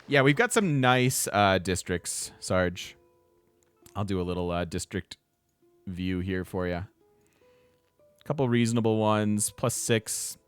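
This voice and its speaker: A man's voice: fairly low pitch, lively intonation, takes it slowly, pauses often, clear, resonant tone, faint music behind. A man casually commenting on a strategy game while he plays, laughing often and chatting with his viewers. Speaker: let's play host.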